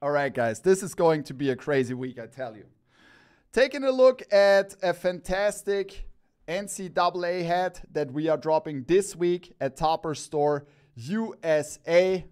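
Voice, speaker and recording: A man hosting a live-stream product showcase, talking in an excited, enthusiastic and rambling way as he presents hats one by one. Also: fairly high pitch, a little slow, clear, resonant tone. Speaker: cap store host.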